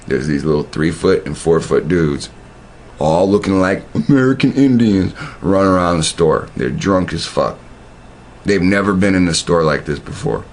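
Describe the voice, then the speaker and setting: A man's voice: very deep voice, slight background noise. A man telling profane, meandering stories in a casual monologue, often restarting his sentences. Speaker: video host. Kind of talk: casual rambling storytelling.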